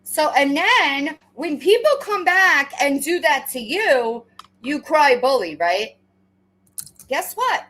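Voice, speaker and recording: Sarcastic woman with a higher voice, confronting. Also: sing-song, takes it slowly, fairly bright tone, poor audio. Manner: confrontational, sarcastic, stammering restarts. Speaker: commentator. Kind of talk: reaction commentary.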